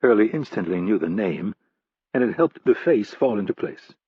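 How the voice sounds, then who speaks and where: A man narrating a thriller audiobook in a measured, steady way. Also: lowish voice, breathy edge, no echo, dull audio.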